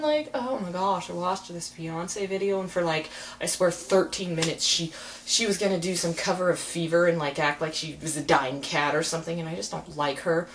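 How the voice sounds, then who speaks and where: A young woman rants to her webcam in a casual, sarcastic way. Her pitch swings widely as she jumps into mocking impressions, over a faint hiss of room noise. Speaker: vlogger. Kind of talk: casual rant to camera.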